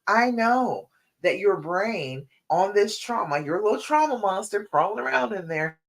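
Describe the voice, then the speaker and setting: A woman's voice: medium pitch, expressive, a little slow. Encouraging woman coach on a live stream. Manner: encouraging, repeats direct appeals to viewers. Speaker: relationship coach. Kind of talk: live-stream Q&A and pep talk.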